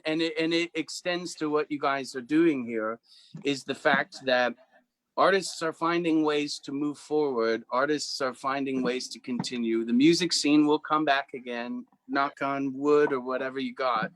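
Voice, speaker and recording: A man's voice: medium pitch, moderate pace. A man, a guest musician, chatting casually and telling stories with acted-out quotes. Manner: animated storyteller, acts out quotes. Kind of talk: casual chat.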